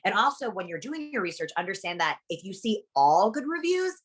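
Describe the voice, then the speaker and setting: Her voice is mid-range and husky, swinging widely in pitch. She's a young Guatemalan woman working at a plastic surgery practice, a guest in a casual interview who speaks bluntly, emphatically and rapid-fire, with plenty of profanity.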